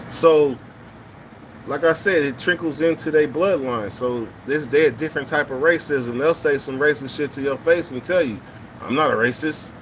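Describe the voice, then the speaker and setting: A man's voice: on the high side, a bit bright, a little hiss or hum, rough recording. A man hosting a casual live talk stream, reading viewer comments and giving blunt, profane opinions, often repeating his points.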